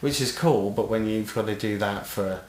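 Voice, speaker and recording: Low-voiced chatty man in an echoey room. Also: moderate pace, slight background noise. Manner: chatty, enthusiastic, swears casually. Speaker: podcast co-host, guitarist and singer. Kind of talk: casual chat.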